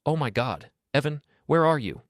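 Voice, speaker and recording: A tearful young wife, frantic and ragged, her voice cracking as she pleads, played by a man reading a story. The line is pushed up well above his own low register, and the sound stays close and dry with no room around it. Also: sing-song, normal speed, no echo. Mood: panicked.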